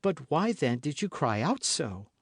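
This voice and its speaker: A man's voice: fairly high pitch, sing-song, measured pace, slightly rough, no room sound, clean studio sound, pitched above the performer's own voice, exaggerated voice. A man voicing a timid, pleading young novice. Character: young woman novice, timid, jealous, devoted.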